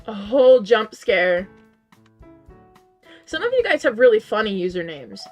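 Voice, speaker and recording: This streamer chats easily with her live audience during play, though her voice is tired and strained from losing. Between answering chat, she often jumps into high, disbelieving exclamations. Her delivery is sing-song and measured, with faint music behind her.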